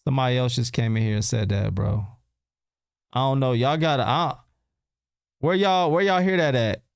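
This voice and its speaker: A man's voice: mid-range voice, moderate pace, creaky, smooth, no echo, clean studio sound. A man hosting a casual livestream, answering his chat in loose, slangy talk and repeating rhetorical questions. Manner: repeats himself and fires rhetorical questions at viewers.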